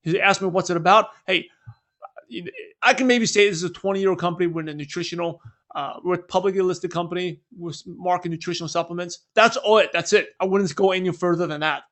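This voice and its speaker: A man's voice: high voice, fairly even intonation, quick pace, a bit bright. A man training a group on network marketing, talking conversationally and often checking in with the audience. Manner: conversational, repeats "right?" to check in. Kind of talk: training talk with role-played scripts.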